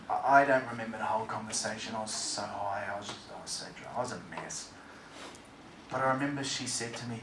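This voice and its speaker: High-voiced man telling dramatic testimony. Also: expressive, fairly quick. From Australia. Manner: dramatic storytelling, swinging from hushed to loud. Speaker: guest speaker. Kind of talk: personal testimony talk. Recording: echoey, noisy room, distant mic.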